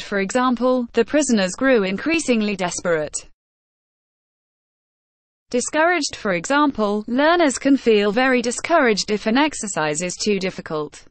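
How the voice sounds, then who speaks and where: A woman slowly reading a vocabulary list of words with example sentences, one word at a time in a measured, even delivery. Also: on the high side, no room sound. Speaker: vocabulary instructor.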